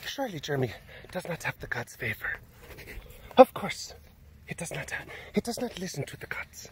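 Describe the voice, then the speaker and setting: A man's voice: on the high side, sing-song, moderate pace, slight background noise. Floki, a man whispering as a devoted Viking mystic. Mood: solemn reverent. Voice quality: hushed, breathy whisper. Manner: solemn, reverent, mock-prophetic. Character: eccentric whispering male Viking mystic, devoted to his king. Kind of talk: whispered role-play.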